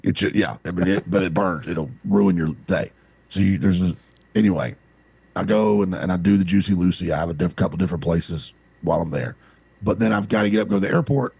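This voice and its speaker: A Southern American man co-hosts a podcast, spinning long, rambling, animated stories in casual conversation. His voice sits low and is gravelly and slightly rough, he speaks fairly quickly, and the recording has no room sound.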